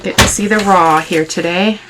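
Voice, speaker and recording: A woman's voice: fairly low pitch, steady tone, moderate pace, heavy background noise. A middle-aged woman hosting a casual craft tutorial, chatty and affectionate, thinking aloud with fillers as she works. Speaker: craft video host.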